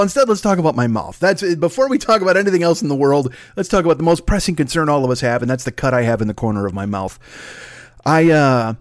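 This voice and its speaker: A man hosting his own podcast in a rambling, profane, self-mocking monologue that runs fast and loose. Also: a little high, no room sound, studio quality. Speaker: podcast host.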